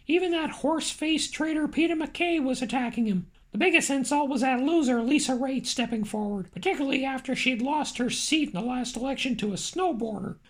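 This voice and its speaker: A man voicing a chirpy male rooster puppet, narrating an audiobook in a squeaky put-on impression voice. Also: fairly quick, few pauses. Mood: storytelling.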